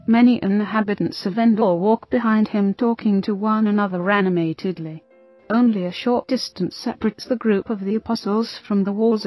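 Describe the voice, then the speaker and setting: A woman narrating a religious story in a steady, reverent reading. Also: mid-range voice, no room sound, low-quality recording.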